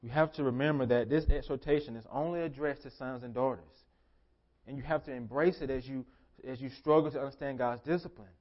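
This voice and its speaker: A man preaching a sermon as pastor, emphatic, repeating his phrases and swinging between soft and loud delivery. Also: mid-range voice, highs cut off.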